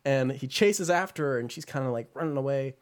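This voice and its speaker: A man co-hosting a podcast, retelling a film in a loose, rambling way full of fillers and quick put-on voices. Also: medium pitch. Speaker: podcast co-host. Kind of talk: casual movie chat.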